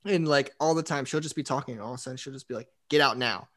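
A young man in casual chat, telling animated stories and saying "like" often. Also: medium pitch, rapid-fire. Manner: animated storyteller, acts out quotes, says "like" a lot. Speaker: university staff member.

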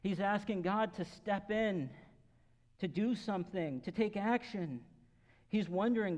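A male pastor giving an earnest, emphatic sermon, swinging between raised and quiet passages. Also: high-pitched, unhurried. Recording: long hall reverb, dull lo-fi sound.

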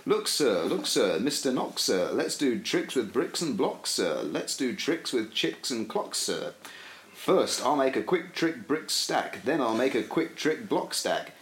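A man's voice: medium pitch, very animated, measured pace. Joking man in an echoey room. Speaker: podcast co-host. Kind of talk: casual banter, reading a children's rhyme aloud. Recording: roomy echo.

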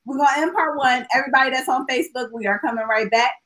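A woman co-hosting a podcast, chatting loosely and breaking into laughter as she goes. Her voice sits a little high. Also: fast, over a noisy crowd, rough recording. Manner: laughs a lot while talking. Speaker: podcast co-host. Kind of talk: casual chat.

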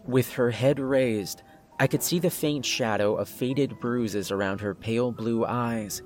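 Male horror narrator, steady and suspenseful, faint music bed. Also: mid-range voice, unhurried.

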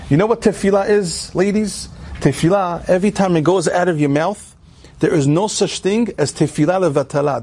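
A man tells a story to a room of women in a quick, tumbling delivery. His voice is husky and a little high for a man. He keeps stopping to ask his listeners questions. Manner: animated storyteller, asks the audience questions. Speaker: religious speaker. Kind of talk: storytelling talk to a women's audience.

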